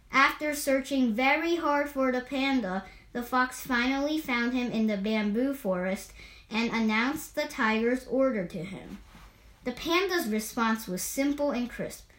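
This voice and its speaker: A woman reading an animal fable aloud with steady, measured narration. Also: a little high, reverberant. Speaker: storyteller.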